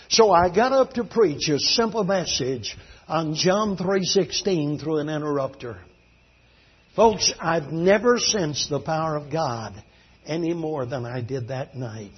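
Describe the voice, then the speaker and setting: A man preaching a sermon as a fervent, dramatic storyteller whose voice swings between hushed and loud. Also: on the high side, lively intonation, measured pace, husky. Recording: dull lo-fi recording.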